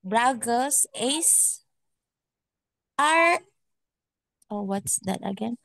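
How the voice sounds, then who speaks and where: A woman's voice: a little high, lively intonation, drawn-out words, vocal fry, fairly bright tone, no echo. A woman student in an online class, hesitantly sounding out unfamiliar words over a video call.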